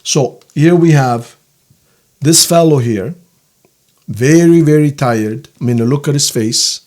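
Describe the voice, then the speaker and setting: Slow-talking man giving a tarot reading. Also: a little high. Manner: acts out quoted feelings in a hushed soft voice; rambling, halting, searches for words. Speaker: tarot reader.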